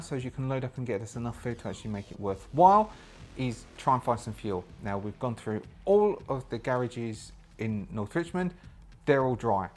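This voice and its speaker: A man voicing a blunt woman who leads a survivor haven in a zombie role-playing game, in his own everyday voice, bossy and brisk as she hands out orders. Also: medium pitch, a little mellow, lightly acted. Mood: instructing.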